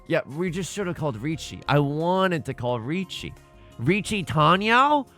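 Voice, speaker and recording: Lively, exasperated gaming host, stammering. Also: male voice, a little high, unhurried, faint music behind. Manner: stammering, exasperated, self-mocking. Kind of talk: let's play commentary.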